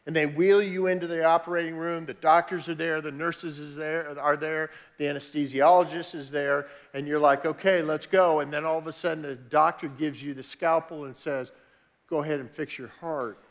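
A man preaching a sermon, moving from quiet, conversational teaching to raised, emphatic preaching. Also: fairly high pitch, flat delivery, normal speed. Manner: conversational, with restarts and asides. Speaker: pastor.

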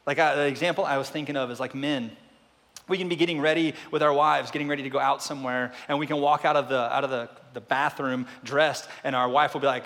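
Male pastor, mid-pitched, preaching with hushed-to-loud swings and repeated rhetorical questions, long hall reverb. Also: steady tone, fast. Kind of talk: sermon.

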